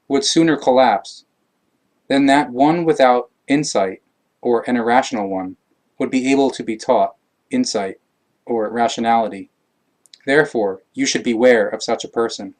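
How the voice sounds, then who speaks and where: A man reads verses of a scripture aloud, unhurried and deliberate. His voice is of ordinary pitch for a man, and he keeps a solemn, steady cadence as he reads. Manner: slow, measured, solemn reading. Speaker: reader.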